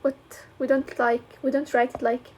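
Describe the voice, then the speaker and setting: A woman teacher walks through a lesson step by step. She talks in a fairly high voice. She moves easily between English and colloquial as she explains. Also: flat delivery, normal speed, a little mellow, a little hiss or hum. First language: Arabic.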